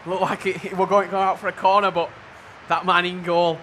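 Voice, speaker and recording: A man giving play-by-play commentary on a football video game match, measured and level-headed in his analysis. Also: high-pitched, level tone, fairly bright tone, slight background noise. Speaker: esports commentator.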